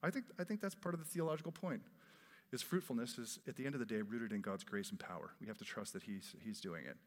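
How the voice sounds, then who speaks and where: A middle-aged man preaching a sermon, telling the story with lively voiced-out quotes. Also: mid-range voice, fast. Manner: animated storytelling preacher, acts out quoted lines. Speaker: pastor. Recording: long hall reverb.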